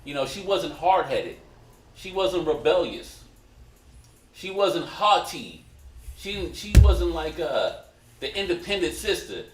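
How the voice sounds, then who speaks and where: A man's voice: fairly high pitch, very animated, takes it slowly, pauses often, background noise. A man leading a Bible study class, explaining a passage in a casual, conversational way and calling on others to read. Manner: conversational, directs readers, restarts often. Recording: roomy echo.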